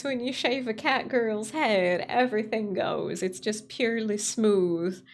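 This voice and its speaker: A woman's voice: mid-range voice, takes it slowly. A young adult woman streaming, chatting casually with her chat, repeating greetings and laughing often.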